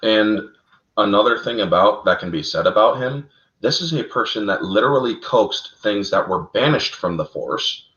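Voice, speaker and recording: Male co-host, lowish voice, animated fan-lore talker, roomy lo-fi sound. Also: normal speed. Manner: animated, addresses listeners as folks, laughs at own slips. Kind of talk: casual lore discussion.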